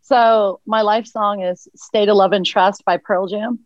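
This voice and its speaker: A woman's voice: medium pitch, fairly even intonation, measured pace, dry recording, lo-fi sound. A woman guest on an interview show, a mindset coach, chatting in a bubbly way and laughing often. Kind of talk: casual interview chat.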